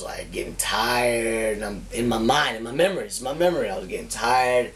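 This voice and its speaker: A man's voice: medium pitch, distant mic. Profane rambling man, a bit off-mic. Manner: rambling, heavy swearing, animated retelling. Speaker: cigar reviewer telling a story. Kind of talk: casual profane storytelling.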